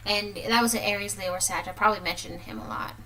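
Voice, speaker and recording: Tarot reader, woman in her 30s, chatty, laughs a lot, mid-pitched voice. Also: very animated, fast, sharp tone, rough recording. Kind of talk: casual tarot reading.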